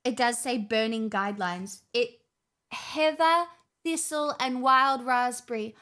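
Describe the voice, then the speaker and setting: A woman's voice: on the high side, slow, pushed and bright, clear, resonant tone. A woman streamer in casual livestream chat, rambling with restarts and swearing freely.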